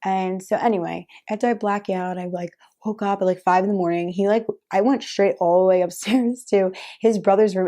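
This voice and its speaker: Chatty young woman with a mellow voice. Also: mid-range voice, fairly even intonation, a little fast, hardly any pauses. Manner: chatty, lots of "like" fillers, frequent laughs. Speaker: vlogger. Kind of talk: casual storytelling to camera.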